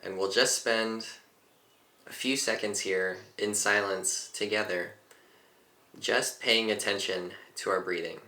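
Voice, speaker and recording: A man leads a guided breathing meditation, speaking calmly and without hurry. His voice sits low but sounds bright and clear. The room around him gives a noticeable echo. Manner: calm, unhurried, gently instructive. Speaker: meditation teacher.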